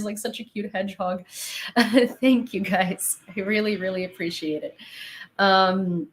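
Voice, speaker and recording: A young woman talks casually to her live-stream viewers in a slightly low voice. She rambles, restarts her thoughts and breaks off to thank people in the chat with a laugh. The tone is loose and conversational rather than scripted. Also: measured pace.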